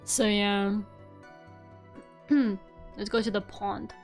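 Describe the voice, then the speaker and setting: A woman's voice: medium pitch, steady tone, drawn-out words. A young woman streaming as a VTuber, chatting casually, giggling and swearing now and then, with faint game music behind her. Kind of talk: casual livestream chat.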